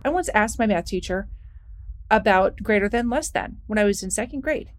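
A woman who works as a teacher, telling animated anecdotes as a guest in a casual conversation. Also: medium pitch, normal speed. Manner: animated, rising indignation in anecdotes.

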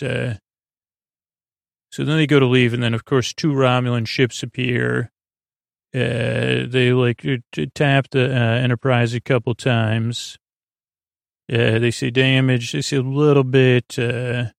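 A man's voice: medium pitch, little pitch movement, unhurried, vocal fry, no echo, studio quality. A man hosting a podcast, rambling through a loose, casual retelling of a TV episode and paraphrasing the characters' lines. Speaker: podcast host.

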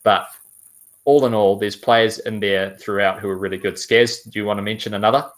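A man's voice: fairly low pitch, fairly even intonation, fairly quick. A man hosting a casual football fan podcast, enthusiastic and handing questions to his co-hosts. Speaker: podcast host.

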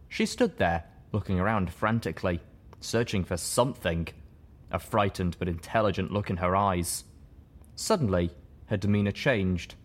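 A fairly low male voice carries a first-person audiobook narration. The pace stays even, and the reading remains steady and measured throughout.

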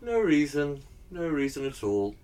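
A man's voice: fairly high pitch, big pitch swings, unhurried. A man acting in a comedy sketch who talks politely, with a sly, faintly sinister undertone. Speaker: comic sketch visitor.

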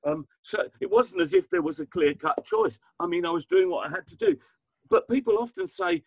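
A man in his seventies, a guest musician, talking reflectively in an interview, self-deprecating and halting with many restarts. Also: high-pitched, wildly swooping pitch, vocal fry, no echo, muffled recording.

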